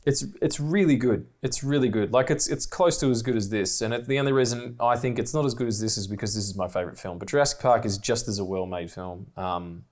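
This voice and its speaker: Male podcast co-host from Australia, talks fast and manically, casual, sweary film-commentary rambler. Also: medium pitch. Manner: rambling, excitable, swears freely, laughs often.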